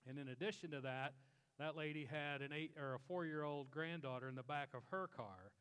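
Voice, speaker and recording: A middle-aged man preaching a sermon as a pastor, telling stories in an earnest way and slowing down for emphasis. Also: fairly high pitch, fairly bright tone, clear, resonant tone, big-room sound. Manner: earnest storytelling, slows for emphasis.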